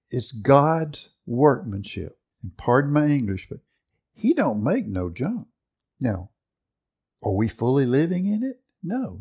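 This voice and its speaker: A male preacher delivers a sermon at a slow, deliberate pace. His voice carries a gravelly edge as he leans on key words and lets pauses hang between phrases. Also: mid-range voice, dark tone.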